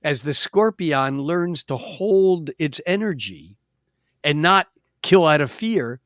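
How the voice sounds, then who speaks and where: A man talking as a guest astrologer in a casual podcast chat, his voice a bit higher than most men's. He explains things expansively, restarting his sentences as he goes. The sound is close and dry on a podcast mic. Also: lively intonation, slow, a bit bright, dry recording. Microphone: podcast microphone.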